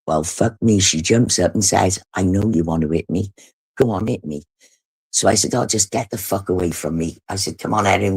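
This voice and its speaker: A woman's voice: very deep voice, gravelly, slightly rough. A middle-aged woman from the UK, hosting a livestream and telling a story bluntly, swearing heavily. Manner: blunt, heavy swearing, animated retelling. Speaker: livestream host. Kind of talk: casual storytelling.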